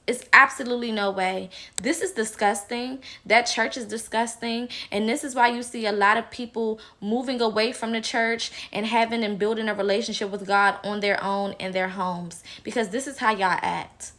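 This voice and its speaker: A woman with a rather high, forceful, bright voice delivers opinionated vlog commentary. She talks bluntly and emphatically and swears freely when riled. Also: fairly even intonation, moderate pace, hardly any pauses. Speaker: political commentator.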